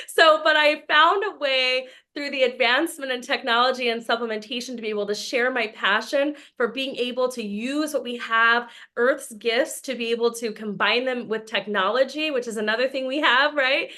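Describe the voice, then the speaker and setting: Woman, thirties, higher pitch, enthusiastic, chatty sales pitch, video call. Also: bright, forceful tone. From Austin, Texas. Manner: enthusiastic, chatty, laughs often. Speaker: business presenter. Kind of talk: upbeat sales presentation.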